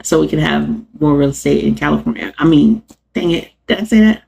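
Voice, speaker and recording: A woman podcast host, talking to her live viewers in an animated, sarcastic way and laughing often. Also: deep voice, fairly quick, creaky, husky. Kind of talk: live-streamed rant to viewers.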